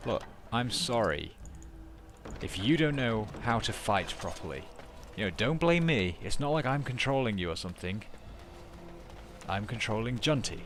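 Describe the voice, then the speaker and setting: A man hosting a let's play video, excitable and joking, talking back at the game. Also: on the low side, moderate pace, a little hiss or hum. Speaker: gaming video host. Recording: loud game music behind. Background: game music.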